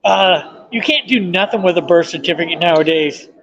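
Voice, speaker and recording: High-voiced fifty-year-old man, chatty. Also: normal speed, a bit bright, slight background noise. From Canada. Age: 50s. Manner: chatty, laughs often. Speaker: streamer. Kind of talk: casual live-stream chat. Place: indoor bus station waiting area. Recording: dull lo-fi recording.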